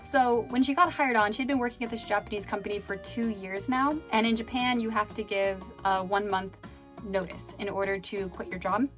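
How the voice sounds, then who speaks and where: A woman's voice: mid-range voice, fairly even intonation, a little fast, a bit bright, faint music behind. A woman telling stories in a casual vlog, chatty and full of fillers. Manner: chatty, filler-heavy, laughing now and then. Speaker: vlogger and former chat host.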